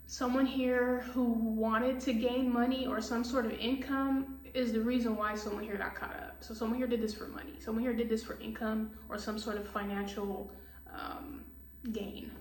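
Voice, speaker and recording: A woman's voice: fairly high pitch, flat delivery, moderate pace, distant mic, slight background noise. Profane woman tarot reader, echoey room. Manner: blunt, profane, heated ranting. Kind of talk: casual tarot reading rant.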